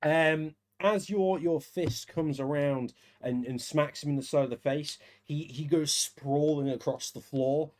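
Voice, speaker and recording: A man running a tabletop game as game master, fairly high-voiced for a man. He narrates loosely, laughs often and trips over repeated words. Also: measured pace, few pauses, a little mellow. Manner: rambling, chuckling, many restarts.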